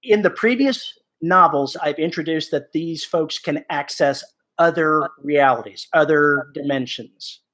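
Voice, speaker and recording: A man's voice: a little high, unhurried, fairly bright tone. A man co-hosting a podcast, chatting casually with a playful, teasing manner. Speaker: podcast host.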